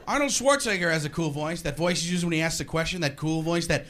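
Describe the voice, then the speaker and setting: A man's voice: on the high side, fast, hardly any pauses. A man doing a rambling, self-mocking stand-up set on a club stage. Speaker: stand-up comedian. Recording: live club, loud crowd and noise.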